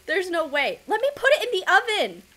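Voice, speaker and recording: A woman's voice: very high-pitched, huge pitch swings, quick pace, fairly bright tone. A woman giving casual gameplay commentary, flustered and self-mocking, laughing often. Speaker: let's play gamer.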